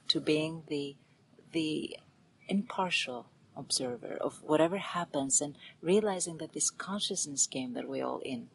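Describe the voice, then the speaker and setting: A woman speaking as a podcast guest on spiritual topics, earnest and animated, sometimes dropping into a whisper for emphasis. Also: sits low, moderate pace, a little hiss or hum, poor audio. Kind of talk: spiritual interview talk.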